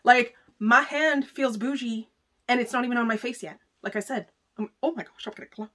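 A woman vlogger chatting casually through a beauty box unboxing, gushing and excitable, full of "like" and "oh my gosh.". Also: fairly high pitch, a little fast. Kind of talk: casual unboxing chat to camera.

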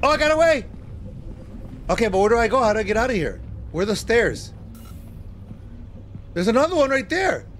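A man streaming a horror game live, talking to his co-player and yelping and shouting in panic. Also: high voice, brisk, long pauses, soft background music. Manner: excitable, yelps and shouts in panic. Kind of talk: live gameplay commentary.

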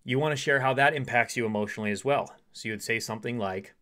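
A man's voice: medium pitch, quick pace. A man giving dating advice to women as a relationship coach, speaking straight to the listener and acting out short example conversations. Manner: acts out short quoted dialogues in softer voice.

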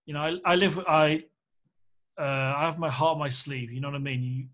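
A man's voice: on the high side, a little fast. A man from Australia, a filmmaker guest on a podcast, telling a candid anecdote and acting out the people he quotes. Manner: candid, animated anecdote-teller who acts out quoted speech. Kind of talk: casual podcast interview storytelling.

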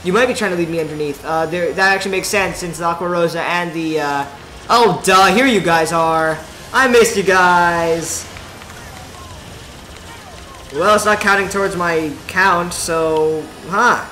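Young male gaming host, bright and chatty, mic in a roomy space. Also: high voice, unhurried, a little hiss or hum. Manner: excitable, chatty, talks to the viewers while playing. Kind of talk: let's play commentary. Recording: roomy home recording. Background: faint game music.

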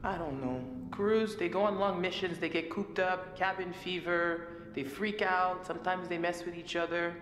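A matter-of-fact young woman poking around an abandoned ship in a horror game, voiced by an actress. Her lines come through with a long, roomy reverb and clear background noise. The voice sits mid-range. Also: fairly low pitch, fairly even intonation, normal speed, few pauses, close to an everyday voice. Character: young woman crew member exploring a derelict ship. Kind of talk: video game dialogue.

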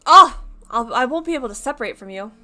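A woman streaming a game live, chatting casually in a playful, giggly way that swings between mumbling and yelling. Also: on the high side, lively intonation, quick pace. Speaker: VTuber streamer. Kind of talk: casual live-stream chat while gaming.

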